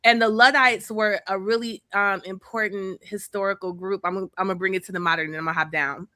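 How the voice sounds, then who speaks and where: A woman's voice: medium pitch, fairly even intonation, a little fast, pushed and bright, no echo, clean studio sound. A woman co-hosting a podcast, explaining history in a casual, chatty way with fillers and the odd swear. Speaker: podcast co-host.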